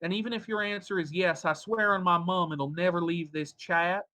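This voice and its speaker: Casting: insistent man in a put-on Southern drawl, read by a man, bright edge. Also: high voice, steady tone, normal speed. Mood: wheedling. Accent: put-on American Southern. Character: pushy grown man coaxing a woman in chat.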